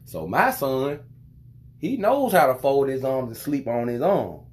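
Profane, animated storytelling dad. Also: male voice, medium pitch, measured pace. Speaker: father. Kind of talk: casual storytelling monologue.

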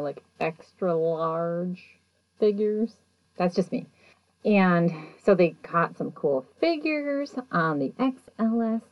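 A woman's voice: on the low side, no echo, dull audio. A woman hosting a podcast, recapping an episode in a casual, chatty way and acting out the people in it. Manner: chatty, animated retelling with quoted voices. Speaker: podcast host.

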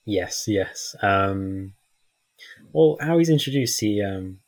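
A man's voice: fairly low pitch, lively intonation, slow pace. A man, a podcast guest in casual film chat, chatty and given to laughing and acting out scenes. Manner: chatty, laughs often, acts out lines from films.

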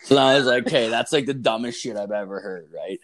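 A man's voice: mid-range voice, quick pace, a little hiss or hum. A Canadian man casually telling a work story, full of swearing and constant "like" fillers. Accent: Canadian English. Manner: heavy swearing, constant "like" fillers, animated retelling.

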